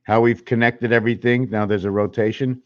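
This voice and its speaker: Halting, musing man on a dull recording. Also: medium pitch, fairly even intonation. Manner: musing, halting, spells and counts aloud. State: a little out of breath. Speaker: channel host. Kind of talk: rambling numerology talk while drawing.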